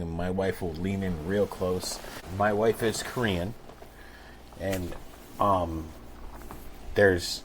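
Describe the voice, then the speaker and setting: A man's voice: low voice, steady tone, slow, pauses often, a little hiss or hum. A man co-hosting a podcast, talking earnestly and emphatically in a candid conversation. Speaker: podcast co-host.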